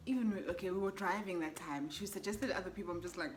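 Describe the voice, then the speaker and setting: A young woman with a South African accent tells a personal story in a vlog, in a lively, exclaiming way with frequent laughs. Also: mid-range voice, quick pace, hardly any pauses, slight background noise. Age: young adult. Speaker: vlogger.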